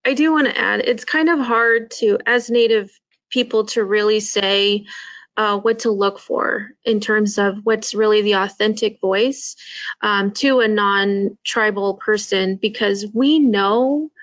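Woman panelist, earnest and measured, on muffled lo-fi audio. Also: mid-range voice, fairly even intonation, a bit bright, dry recording. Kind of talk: panel discussion. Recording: dull lo-fi audio.

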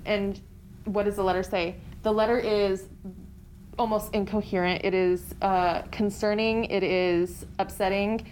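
A woman's voice: medium pitch, steady tone, normal speed, a little mellow, slight background noise, poor audio. Chatty woman with filler words. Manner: chatty, giggly, lots of fillers. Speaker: podcast co-host. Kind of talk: casual book chat.

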